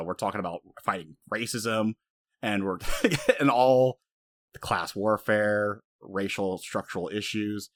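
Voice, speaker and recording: Male host, low voice, dry close sound, animated storyteller. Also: no room sound. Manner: animated storytelling, frequent fillers. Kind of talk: casual anime recap chat.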